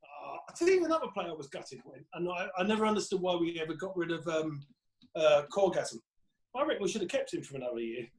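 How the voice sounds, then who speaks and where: A middle-aged English comedian, a podcast guest, telling lively stories and acting out voices. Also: male voice, a little high, fast. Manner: lively, acts out voices and laughs mid-story. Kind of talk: animated storytelling.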